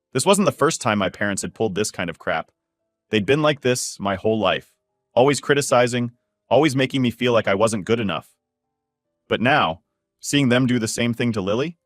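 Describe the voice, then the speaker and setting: A man's voice: mid-range voice, no room sound, studio quality. A man in his thirties narrating a first-person story in a candid, indignant way, swearing as he goes.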